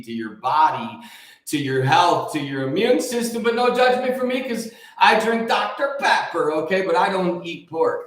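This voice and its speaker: A high-voiced man preaching on his morning show in a loose, joking way, wandering off on tangents as he goes. His voice rings out in a very echoey room with a long tail. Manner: joking, rambling, animated. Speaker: host and preacher. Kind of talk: casual live preaching talk.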